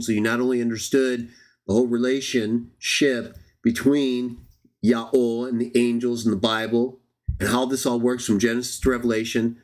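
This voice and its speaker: Argumentative man teaching Bible live. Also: medium pitch. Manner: argumentative, addresses viewers as everybody, rhetorical questions. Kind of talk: live Bible study lecture.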